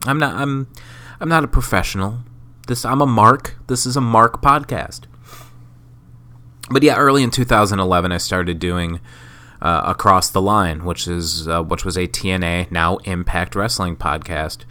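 A man's voice: low-pitched, moderate pace, pushed and bright. A sick man hosting a solo podcast, rambling in a profane, self-mocking way. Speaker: podcast host. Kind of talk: casual solo podcast monologue.

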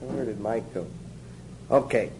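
A man's voice: medium pitch, unhurried, background noise. A man giving a sermon-style teaching to a small group, emphatic and joking, repeating his instructions.

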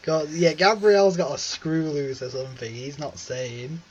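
A man's voice: a little high, fairly even intonation, moderate pace, highs cut off, background noise. A man co-hosting a film podcast in casual chat, chatty and detail-focused, often giggling. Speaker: podcast co-host.

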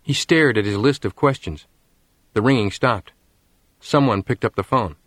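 A man narrating an audiobook at a middle pitch, steady and measured. The recording is dry and close, with no room sound. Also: no echo. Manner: measured storytelling. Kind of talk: scripted narration.

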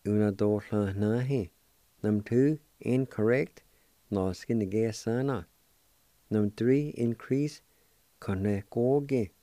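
A man hosting a radio language lesson, spelling out words letter by letter and repeating each one slowly for listeners to practice. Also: lowish voice, warm tone, no room sound. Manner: slow, careful spelling out of letters and syllables; repeats each word several times for practice.

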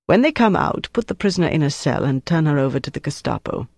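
A reader voicing a calculating German officer, speaking in a measured, coolly menacing way. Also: male voice, fairly high pitch, very animated, gravelly, no echo, studio quality, full character voice. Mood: cold, measured. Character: cold, calculating German officer interrogating a prisoner.

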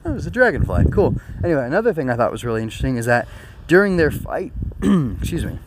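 A man's voice: a little high, big pitch swings, fast talker, background noise. A young man with a sore throat giving a casual spoken review of an anime episode, rambling earnestly with many fillers and restarts. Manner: earnest and emotional.

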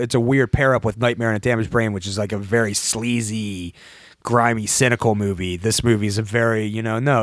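A man's voice: mid-range voice, dry recording, clean studio sound. A man hosting a casual film chat, talking in a rambling, enthusiastic way with many restarts. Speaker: podcast host.

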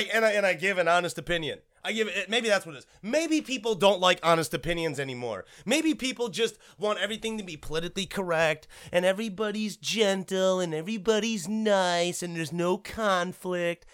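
Profane, rambling man with a fairly high voice. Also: expressive, brisk, hardly any pauses, a bit bright, clean tone. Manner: profane, blunt, rambling with frequent restarts. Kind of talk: ranting monologue.

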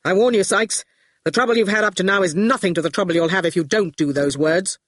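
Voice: medium pitch, quick pace, a bit bright, no room sound, studio quality, natural voice. Reader putting on Archer, a breezy scheming man. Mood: threatening. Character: cheerful scheming grown man who bullies. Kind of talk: audiobook character voice.

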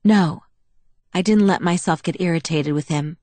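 A woman reading a novel aloud in first person, with a steady, measured delivery. Her voice is on the low side, recorded close and dry. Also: no echo. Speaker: audiobook narrator.

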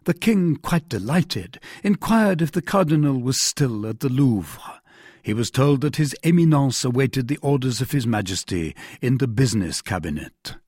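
A man narrating a classic novel as an audiobook, with an expressive, measured reading. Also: mid-range voice, no echo, studio quality.

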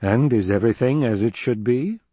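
A man voicing a grim, commanding male duke in an audiobook, measured and pressing. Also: mid-range voice, warm tone, breathy edge, no echo, close to an everyday voice. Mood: firm, probing. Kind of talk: audiobook character reading.

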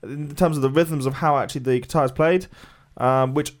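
A man's voice: on the high side, fairly even intonation, a little fast. A young man co-hosting a casual podcast, hesitant and full of ums and restarts. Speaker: podcast co-host. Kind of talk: casual chat.

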